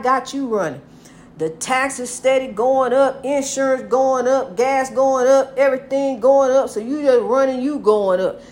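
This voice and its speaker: An older woman, a grandmother, giving casual inspirational advice about God in a folksy, repetitive way, calling the listener honey. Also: high-pitched. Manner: preachy, God-centered encouragement.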